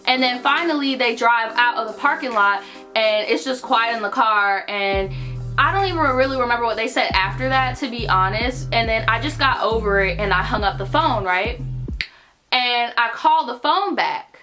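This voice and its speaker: A young woman vlogger telling an animated, profane story, filling her talk with "like.". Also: fairly high pitch, moderate pace, over music. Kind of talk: storytime vlog.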